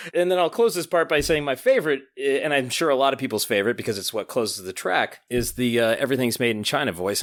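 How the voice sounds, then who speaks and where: Male podcast host, animated and chatty, mid-range voice. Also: mid-range voice. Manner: animated, laughs often, quotes lyrics in voices. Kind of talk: casual podcast chat about music.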